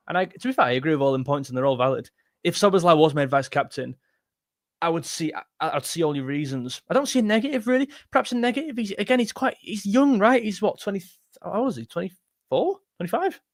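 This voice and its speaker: A man's voice: on the high side, no echo, studio quality. A young man hosting a football live stream, chatting casually and bluntly while reading viewer comments. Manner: chatty, blunt, self-deprecating, thanks donors warmly. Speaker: football livestream host reading chat.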